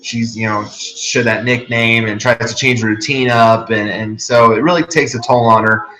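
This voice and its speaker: A man's voice: medium pitch, steady tone, moderate pace, sharp tone, reverberant, low-quality recording. A man hosting a casual episode review, talking enthusiastically and rambling with frequent restarts. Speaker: podcast host.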